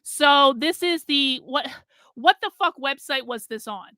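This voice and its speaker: A woman's voice: high-pitched, measured pace, bright, forceful tone, no room sound, studio quality. A middle-aged woman on a live stream, ranting in fury, swearing and repeating herself. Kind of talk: angry live stream rant.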